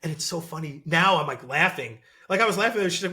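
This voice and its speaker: Excitable man telling stories. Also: fairly high pitch, fast. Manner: animated, excitable storytelling with many fillers. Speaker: podcast guest, former college football player. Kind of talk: casual podcast interview.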